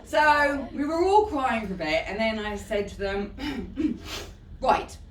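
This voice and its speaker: Woman, animated pitch, talks in a chatty way with lots of laughs, roomy hall, heard from a distance. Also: slow, a crowd in the background. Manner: chatty, laughing often, says "you know" a lot. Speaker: speaker giving a talk. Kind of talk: personal story told to an audience. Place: event hall.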